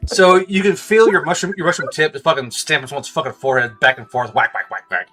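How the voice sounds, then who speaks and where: A man's voice: fairly high pitch, lively intonation, quick pace, loud music behind the voice. A man narrating as game master, stammering, laughing and swearing loosely.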